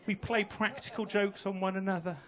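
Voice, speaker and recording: A young man works the room in a stand-up set, talking in a high, bright voice into a handheld stage mic. He chats with the crowd and throws in quick asides. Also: steady tone. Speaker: stand-up comedian. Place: comedy club stage.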